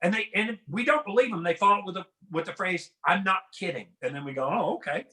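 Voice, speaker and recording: A middle-aged man from Washington State doing a stand-up routine, animated and slipping into drawls and mimicked voices. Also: high-pitched, fast, a little hiss or hum, poor audio. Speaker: stand-up comedian.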